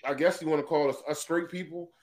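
A man with a high voice co-hosts a casual podcast, blunt and profane and hammering his points home. His delivery is emphatic. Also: fairly even intonation, fast talker, a little mellow. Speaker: podcast co-host.

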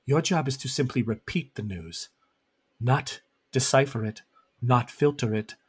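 A man voicing cold vampire elders who speak quietly and threaten punishment. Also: medium pitch, measured pace, breathy edge. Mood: menacing.

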